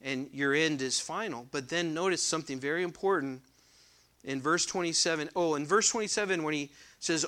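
Bright, crisp-voiced male preacher. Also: on the high side. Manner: reads scripture loudly and slowly, then explains in quick conversational asides; addresses the congregation directly with questions. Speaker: pastor. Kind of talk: expository sermon.

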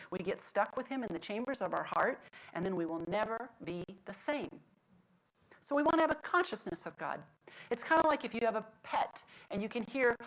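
A middle-aged woman speaking at a women's Bible study, teaching devotionally and telling family stories with lively, animated humor that settles into quiet reflection. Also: mid-range voice, poor audio. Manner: lively storyteller who leans in on the funny parts, then slows to reflect.

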